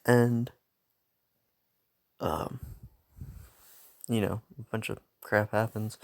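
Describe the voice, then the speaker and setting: A young man spins a fan story off the cuff, rambling and cutting himself off to laugh at his own asides. His voice is gravelly and his delivery slow and unhurried, recorded close and dry with no room sound. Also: lowish voice, fairly even intonation, no echo. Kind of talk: casual improvised fan story narration.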